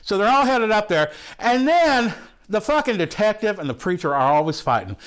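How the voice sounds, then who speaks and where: A man's voice: high voice, big pitch swings, normal speed, fairly bright tone, smooth. A man playing a crude, horny movie fan who rambles and swears through a comic retelling of an old film. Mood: excited. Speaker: host reviewing a film. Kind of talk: comic character monologue.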